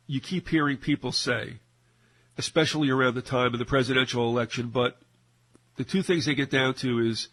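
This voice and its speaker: A man's voice: mid-range voice, fairly bright tone. A man co-hosting a casual talk radio discussion, rambling with many fillers and restarts. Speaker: co-host.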